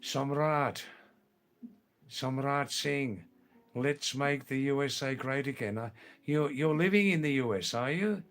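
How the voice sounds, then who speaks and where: English-born guy doing a live stream, reads out viewer comments and answers them slowly, keeps repeating himself. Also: medium pitch, fairly bright tone. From England. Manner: slow, halting, repeats himself. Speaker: livestream host.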